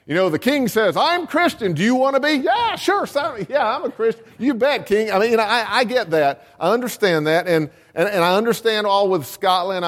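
High-voiced man preaching in a big hall. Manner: storytelling, repeats words as he restarts. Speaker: pastor. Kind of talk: sermon.

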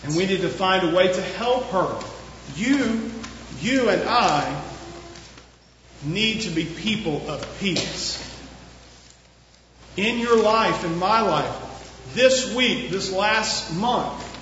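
A man preaching a sermon as pastor, earnest and unhurried with long pauses, in a church. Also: high voice, animated, a bit bright, a little hiss or hum. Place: church sanctuary. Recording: echoey, muffled church recording from far off.

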